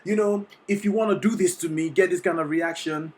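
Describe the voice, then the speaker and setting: A vocal coach reacting to a singing performance, excitable and teacherly, often checking in with the listener. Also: mid-range voice, fairly quick. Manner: excitable, sings short demonstrations between explanations; teacherly, keeps checking in with "okay?". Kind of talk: reaction video commentary.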